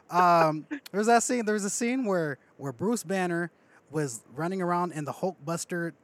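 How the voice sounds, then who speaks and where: A man co-hosting a casual chat, animated, acting out movie lines. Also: high-pitched, normal speed. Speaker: podcast co-host.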